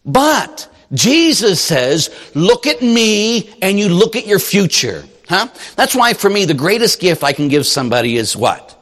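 A man's voice: high voice, sing-song, measured pace, hardly any pauses, fairly bright tone, big-room sound. A man preaching as a Catholic priest, telling stories animatedly and acting out the voices of the people he quotes. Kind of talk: sermon.

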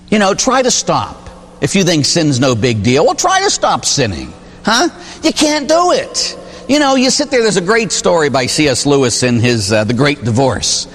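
Priest preaching a sermon, super animated, pitch all over the place, long echo from the hall. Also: male voice. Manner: animated, emphatic, sudden high exclamations. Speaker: Catholic priest.

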